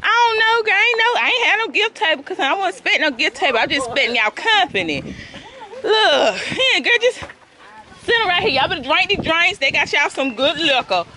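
A young woman filming her own gender reveal party, loud and teasing, laughing and getting emotional with guests. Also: extremely high pitch, sing-song, fairly quick. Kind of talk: casual party vlogging. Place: busy outdoor family party. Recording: crowd chatter behind phone audio. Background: chattering crowd of guests.

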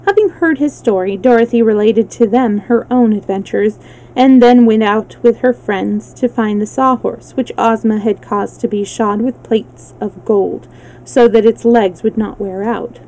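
A woman reading a children's book aloud on a livestream, relaxed, with small slips she corrects. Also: on the high side, a little slow, poor audio. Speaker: storyteller. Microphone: livestream mic.

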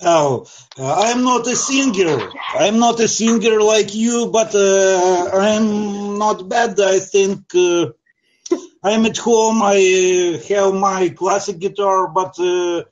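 A man speaking as a student in an online class, talking in halting English with many fillers. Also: high-pitched, dull audio. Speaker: student, guitar teacher. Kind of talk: casual chat in a class.

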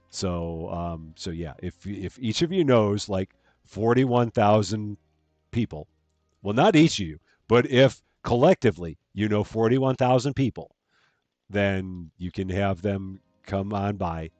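Lowish guy streaming a game, rambly, lots of um and uh, dry close mic w faint music behind. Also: darkish tone, no room sound. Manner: rambling, repeats words, many fillers. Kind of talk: casual live-stream chat while playing.

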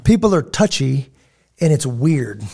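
A man's voice: mid-range voice, very animated, measured pace, warm tone. A middle-aged man hosting a podcast, telling stories in a casual, digressive way and acting out the people he quotes. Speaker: podcast host. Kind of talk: casual storytelling chat.

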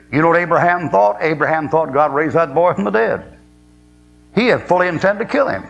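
A man preaching a sermon in a blunt, folksy and sarcastic way, slowing into a weightier cadence when he quotes scripture. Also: fairly high pitch, creaky, a bit bright, dull audio, slight background noise.

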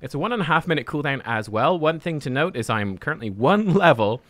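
Chatty young man with lively pitch. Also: fairly quick, dry recording. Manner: chatty, self-deprecating, laughs at himself. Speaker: gaming content creator. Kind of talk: casual commentary over gameplay.

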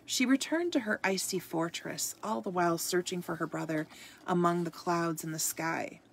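Gravelly, low-voiced woman reading a story. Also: normal speed, slight background noise. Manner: expressive read-aloud, occasional stumbles. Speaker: storybook reader. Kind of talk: reading a ghost story aloud.

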